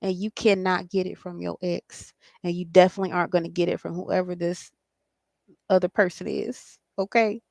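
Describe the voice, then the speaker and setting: Speaking at a normal pace in a lowish, flat, slightly mellow voice with vocal fry, this woman is recorded dry. She gives a casual tarot reading to camera, blunt but reassuring, with frequent "okay?" checks, "I feel like" phrasing, and easy cursing.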